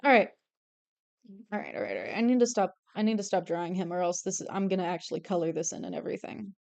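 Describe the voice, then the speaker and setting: A young woman streamer chatting casually while she draws, excitable and swearing freely. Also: lowish voice, fast. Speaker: artist streamer. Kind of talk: casual chat while drawing.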